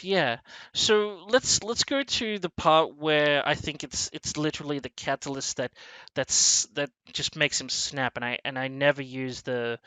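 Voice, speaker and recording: Bright-voiced man chatting about a film. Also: mid-range voice, smooth, no room sound, low-quality recording. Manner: animated, swearing, acts out scenes. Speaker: movie review host. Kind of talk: casual film discussion.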